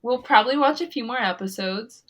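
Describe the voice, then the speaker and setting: A young adult woman co-hosting a podcast in casual chat, chatty and quick to laugh. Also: a little high, a bit bright, slight background noise. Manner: giggly, chatty, frequent laughter. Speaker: podcast co-host.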